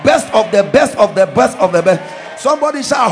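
A man preaching a charismatic sermon as pastor, fervently shouting declarations and decrees. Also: very high-pitched, animated, fairly quick, crowd noise, background noise.

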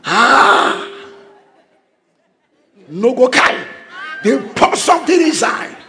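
A man with a Ghanaian English accent preaching a sermon with fervent, rising declarations that often break into shouts. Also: very high-pitched, very animated, slow, some chatter behind.

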